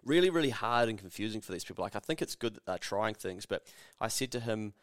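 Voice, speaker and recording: A man's voice: on the low side, lively intonation, quick pace, no room sound, studio quality. A young man, telling stories in a casual, sweary podcast chat and acting out the people in them. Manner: sweary storytelling, acts out the people in his stories. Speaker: podcast co-host.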